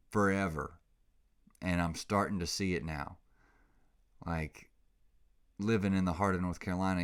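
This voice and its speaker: A man's voice: deep voice, clean tone. A man hosting a casual solo podcast, rambling and self-mocking, a little out of breath, close on a microphone. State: slightly out of breath. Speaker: podcast host.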